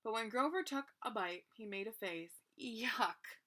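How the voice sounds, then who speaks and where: Bright-voiced woman reading a storybook. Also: fairly high pitch, expressive, moderate pace. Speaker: reader. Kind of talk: children's storybook read-aloud.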